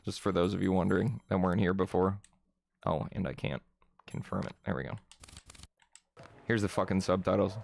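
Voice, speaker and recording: Low-voiced, swearing game streamer man. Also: fairly even intonation, a little fast, creaky, pauses often, no room sound. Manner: chatty, swearing, joking. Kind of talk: casual gameplay commentary.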